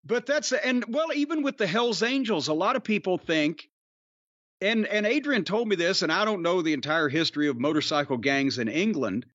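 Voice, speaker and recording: A man on a podcast telling rambling, profane stories in a casual, animated way. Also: high-pitched, moderate pace, no room sound, highs cut off. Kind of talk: casual storytelling chat.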